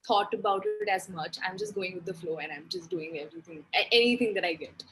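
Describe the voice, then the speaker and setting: A young actress answers interview questions as a guest, earnest but hesitant, full of fillers and restarts. She speaks quickly at a medium pitch, and the recording is rough.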